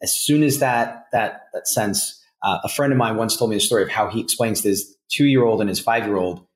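A man's voice: fairly low pitch, fairly quick. A man hosting an interview podcast, talking in a loose, reflective way. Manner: loose, many fillers and restarts, reflective. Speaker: podcast host. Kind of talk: interview conversation. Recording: roomy echo.

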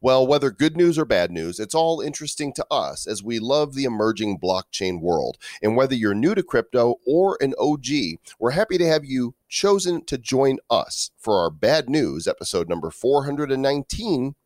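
A man's voice: medium pitch, expressive, moderate pace, hardly any pauses, darkish tone, dry recording, studio quality. A man co-hosting a casual crypto podcast, joking and punning as he reads headlines and promotes events. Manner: playful, jokey, punning. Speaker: podcast co-host. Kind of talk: casual comedic podcast chat.

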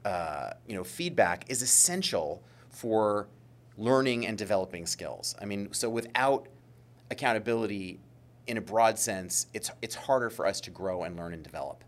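A man's voice: on the low side, lively intonation, normal speed. A man explaining ideas in a casual discussion, thoughtful and hedging, with frequent fillers and restarts.

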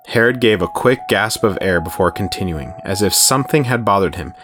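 A man reads a horror story aloud in a steady, measured way. His voice sits very low and even. Faint music runs quietly underneath. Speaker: narrator. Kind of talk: scripted horror story narration.

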